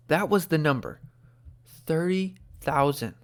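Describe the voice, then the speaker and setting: A man hosting an opinionated commentary show, animated and sarcastic, talking close to the microphone. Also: medium pitch, measured pace. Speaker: host.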